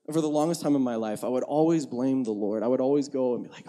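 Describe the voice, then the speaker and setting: A man's voice: mid-range voice, quick pace, dark tone. A young man giving a sermon in a conversational, candid way, acting out his own inner dialogue. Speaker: preacher.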